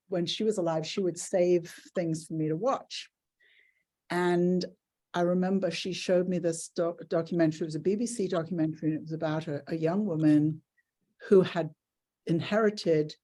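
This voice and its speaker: A woman from England hosts a video-call interview in a low, mellow voice. She is middle-aged and chatty, telling her stories with animation and acting out the quotes inside them. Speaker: interview host. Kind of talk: casual conversational interview.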